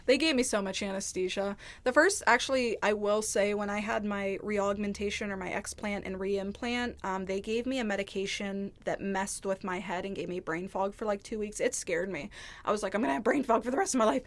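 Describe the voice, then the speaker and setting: A woman's voice: mid-range voice, fairly even intonation, moderate pace. A woman telling a candid storytime to camera in casual chat, rambling and peppered with "like". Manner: candid, rambling, heavy use of "like". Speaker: vlogger. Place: indoors, seated at home.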